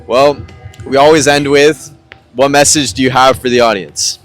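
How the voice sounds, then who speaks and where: Male street interviewer, relaxed conversational asking, mid-pitched voice, faint music underneath. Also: moderate pace.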